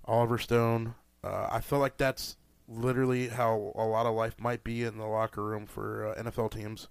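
A man's voice: fairly low pitch, little pitch movement, moderate pace, vocal fry, smooth, dry recording. A man co-hosting a casual chat who gets enthusiastic and worked up as he talks. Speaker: co-host.

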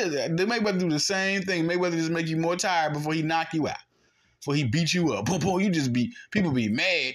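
Speaking a little fast in a slightly high voice, a man hosts a podcast and launches into a heated sports monologue. He argues his points and acts out punches with sound effects.

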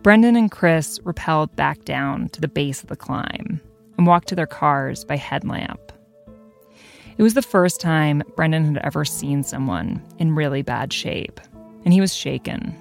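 Gravelly-voiced narrator over soft music. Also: mid-range voice, lively intonation, a little slow. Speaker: podcast host and narrator. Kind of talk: scripted narration.

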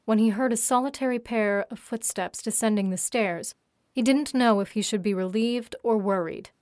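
A woman narrating a written erotic story in a steady, even reading voice. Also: a little high, moderate pace, dry recording, studio quality.

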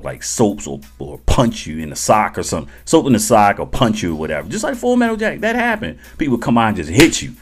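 A man in his forties, an army veteran who tells stories on a podcast in a casual, profane, jokey way. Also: deep voice.

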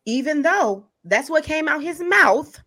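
A woman hosts a relaxed podcast conversation, her voice sitting slightly high. She tells stories with animated energy and breaks into laughter often. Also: unhurried. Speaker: podcast host. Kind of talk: casual chat.

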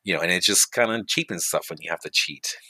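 A middle-aged man with a very deep voice talks easily through old gaming stories, full of fillers and asides. His tone has a bright, forceful bite despite the low pitch. The recording is dry and close, with no room around him. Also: quick pace, no room sound. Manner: relaxed storytelling, many fillers and asides. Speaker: guest, guild leader. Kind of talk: casual podcast chat.

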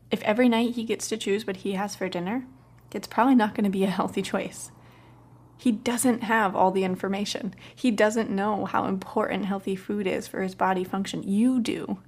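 A woman hosting a parenting show talks softly and gently as she tells a story. Her pitch sits in an ordinary middle range, and her delivery stays calm and even. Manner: calm, soft-spoken, gentle. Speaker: parenting coach podcast host. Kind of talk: casual storytelling.

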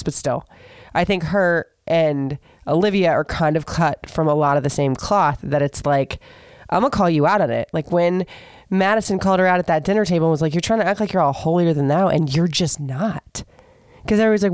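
A young woman with a Southern US accent hosting a casual solo podcast rant, hoarse and stuffy from a cold, blunt and gossipy with lots of fillers. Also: on the low side, a little mellow, no room sound, clean studio sound. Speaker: podcast host.

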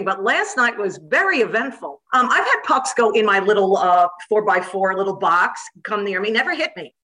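A woman's voice: mid-range voice, pushed and bright, poor audio. A woman co-hosting a podcast, chatting enthusiastically about her work rinkside. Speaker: podcast co-host, rinkside reporter. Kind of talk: casual chat.

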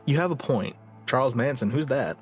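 A man's voice: mid-range voice, fairly quick, slightly rough, faint music behind. Dry-humored man co-host. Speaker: podcast co-host and storyteller. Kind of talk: casual chat.

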